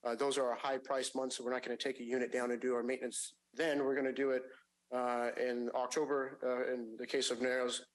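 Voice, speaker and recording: A man walks a board through financial figures at a public meeting. He speaks in a measured way and fills his sentences with pauses and restarts. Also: mid-range voice, level tone, rough recording. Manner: measured, frequent fillers and restarts. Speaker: agency finance staff presenting a report. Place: public agency meeting room.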